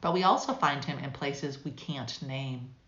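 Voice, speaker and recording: A woman with a low voice reads a devotional reflection, calm and measured. The sound is dull and lo-fi, with a noticeably echoey room around her. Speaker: guest devotional writer.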